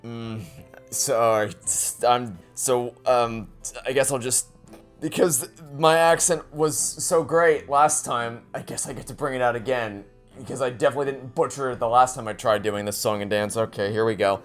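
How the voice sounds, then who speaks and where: A man's voice: mid-range voice, steady tone, normal speed, faint music behind. A man giving casual let's play commentary, rambling, stammering and self-deprecating.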